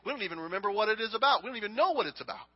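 A man's voice: high-pitched, lively intonation, racing, husky. A man in his thirties preaching a sermon as a pastor, earnest and repeating phrases for emphasis. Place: church sanctuary. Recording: dull reverberant church hall recording.

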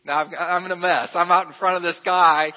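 A man preaching a sermon, telling a personal story in a conversational, self-deprecating way, with asides to the congregation. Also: high voice. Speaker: pastor. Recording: reverberant, muffled hall recording.

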